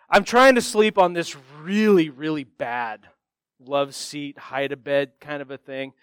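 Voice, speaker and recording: Guy preaching w a high smooth voice, jokey self-mocking stories, acts out everyone's lines. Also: dry recording, poor audio. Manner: self-deprecating, animated storytelling with acted-out voices. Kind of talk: sermon with personal storytelling.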